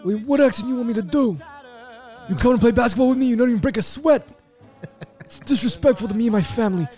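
A man's voice: very high voice, quick pace, warm tone, soft background music, pitched above the performer's own voice. A man putting on a touchy mafia boss. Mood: offended. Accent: mock Italian-American mobster accent. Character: touchy middle-aged male mafia boss.

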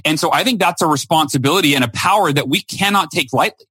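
A man's voice: on the high side, fast, breathy edge, dry recording. A man in an interview, telling a personal story with emphatic delivery, acting out quoted lines. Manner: emphatic, acts out quotes with lively shifts. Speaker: guest speaker and author.

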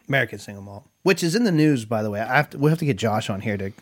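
A man co-hosting a casual whiskey tasting podcast, relaxed and savoring, often trailing off mid-thought. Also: medium pitch, quick pace, no room sound, studio quality.

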